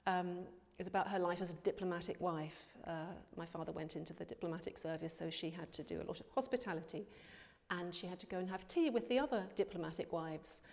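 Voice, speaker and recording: Reflective older woman, lower voice. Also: fast talker, creaky, darkish tone. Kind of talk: documentary interview. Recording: long reverberant hall sound.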